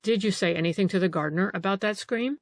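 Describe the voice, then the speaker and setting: A woman's voice: medium pitch, quick pace, no room sound, natural voice. Woman reading as a probing detective. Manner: calm, pressing questions. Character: probing male police detective. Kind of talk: audiobook character reading.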